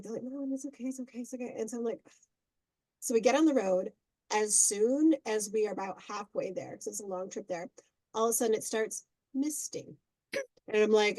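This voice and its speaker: A middle-aged woman, a podcast guest, telling family stories in a casual, animated way with frequent laughter. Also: medium pitch, no room sound, rough recording. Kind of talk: casual storytelling.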